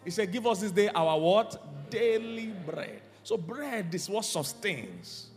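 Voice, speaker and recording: A pastor preaching in a large church, his voice sitting a little high and rising and falling with lively sweeps. He drives his points with sudden loud decrees, then drops to near-hushed lines. Long reverb hangs in the hall, and faint music plays underneath. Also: slow. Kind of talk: sermon.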